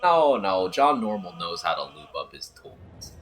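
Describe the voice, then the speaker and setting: A man streams a game, joking casually and riffing on viewer comments he reads out loud. His low, slightly bright voice swings widely in pitch and runs a little slow. Soft music plays in the background of the rough recording.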